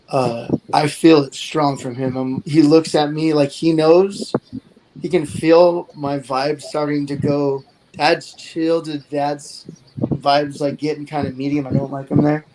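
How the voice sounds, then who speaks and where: A man's voice: on the high side, fairly even intonation, slow, noisy background. A man in his forties, a guest on the show, talking in a rambling, earnest way that often trails off. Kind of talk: casual chat.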